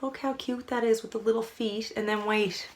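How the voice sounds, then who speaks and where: A woman's voice: on the high side, steady tone, normal speed, a little hiss or hum. A young woman from Canada, chatting to camera in a rambling, casual way full of fillers. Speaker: vlogger.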